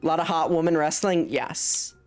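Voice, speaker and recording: Over faint game music, a young woman streams a game and chats at a moderate pace in a deep voice with fairly even intonation. Her talk is loose and rambling, full of casual swearing, and she breaks into laughter partway through sentences.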